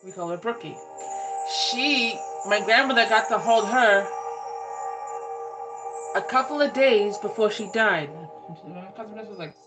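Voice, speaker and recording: Brief: woman storyteller, mid-range pitch, loose and rambling with constant restarts; music playing underneath. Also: measured pace, long pauses, poor audio. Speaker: ASMR channel host. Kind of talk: casual storytelling. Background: background music.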